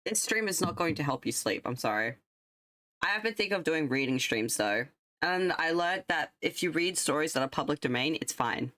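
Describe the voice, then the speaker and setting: A woman's voice: low voice, lively intonation, moderate pace, a bit bright, dry recording. A young woman streamer chatting casually with her viewers, rambling and self-deprecating. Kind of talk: casual livestream chat.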